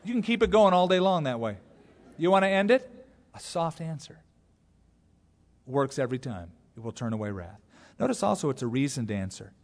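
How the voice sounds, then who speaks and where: A man preaching a sermon, animated, acting out quotes in other voices as he goes. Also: medium pitch, a little fast. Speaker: pastor. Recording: long hall reverb.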